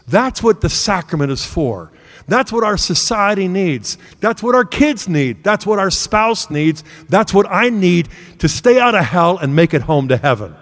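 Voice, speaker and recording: A middle-aged man giving a sermon-style talk, telling a family story in an earnest way and acting out the dialogue. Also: high-pitched. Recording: long hall reverb.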